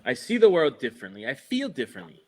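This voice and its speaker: A man's voice: mid-range voice, huge pitch swings, fast talker. A man who works as a dog trainer, talking in a casual chat in a reflective, loose, laid-back way with many restarts.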